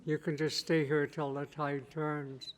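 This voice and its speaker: A man's voice: on the high side, level tone, slight background noise, natural voice. A man telling of a stern old grandfather beneath the water. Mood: measured. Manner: stern, unhurried.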